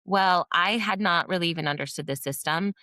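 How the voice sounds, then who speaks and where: Woman, middle-aged, lower pitch, podcast guest, animated storyteller. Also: fairly quick, no room sound. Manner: animated storyteller who acts out quoted voices. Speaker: podcast guest, former teacher and behavior specialist. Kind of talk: conversational storytelling in a podcast interview.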